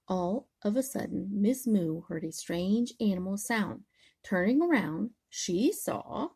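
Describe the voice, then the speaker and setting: An older woman, a grandmother, gently reading a bedtime story aloud in a soothing way. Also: mid-range voice, breathy edge.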